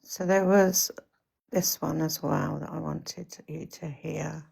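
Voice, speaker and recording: A woman hosting a live stream, speaking calmly and hesitantly with many fillers. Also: deep voice, takes it slowly, vocal fry, husky. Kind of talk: casual live-stream talk.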